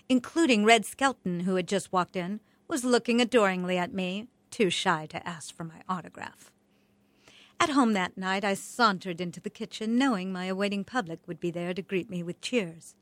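A woman reading her childhood memoir aloud in an expressive, wry storytelling manner. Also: medium pitch, no room sound. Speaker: memoir narrator.

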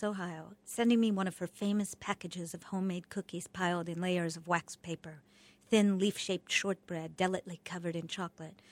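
A woman reading her childhood memoir aloud in an expressive, wry storytelling manner. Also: mid-range voice, dry recording. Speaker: memoir narrator.

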